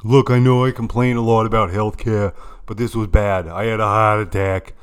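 A man doing an impression of a loud, ranting elderly male politician who fires off indignant rhetorical questions. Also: on the low side, steady tone, normal speed, clean tone, close to an everyday voice.

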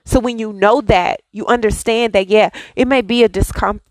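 A woman's voice: mid-range voice, steady tone, normal speed, dry recording. A woman hosting a daily devotional, speaking with fervent, repetitive affirmations and casual asides to her listeners. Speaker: devotional host.

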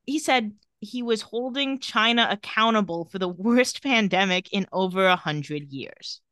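A woman's voice: medium pitch, lively intonation, a little slow, fairly bright tone, dry recording, studio quality. A woman co-hosting a casual podcast, recounting tweets with wry commentary. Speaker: podcast co-host.

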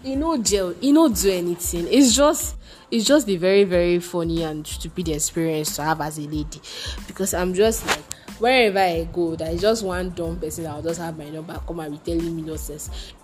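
A young Nigerian woman in her twenties telling a personal story in a casual, animated and indignant way, mixing in Pidgin and Yoruba phrases. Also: on the low side, a little fast, faint music behind. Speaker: vlogger.

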